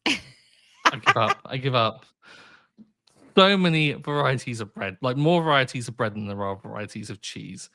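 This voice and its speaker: A man co-hosts a podcast, chatting casually in a wry, self-deprecating way. His voice sits mid-range with a bright edge. The recording is close and dry. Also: medium pitch, animated, normal speed, gravelly, no room sound. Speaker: podcast co-host.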